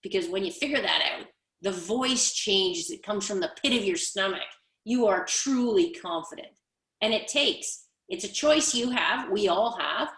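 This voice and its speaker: A woman coach speaking on a conference panel in an energetic, emphatic way, building points through repetition. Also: medium pitch, moderate pace, echoey room. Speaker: guest speaker, leadership coach.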